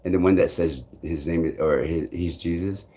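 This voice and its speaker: A man rambles restlessly through a live-stream vlog, peppering it with swearing and lurching from loud outbursts to low mutters. His tone stays steady at a normal speed.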